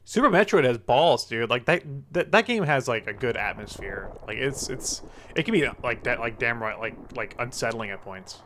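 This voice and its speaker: A man co-hosting a gaming podcast, talking enthusiastically in halting bursts full of "like". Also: mid-range voice, expressive, fairly bright tone, slight background noise. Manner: enthusiastic, halting, heavy use of "like". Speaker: podcast co-host. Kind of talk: casual gaming podcast chat.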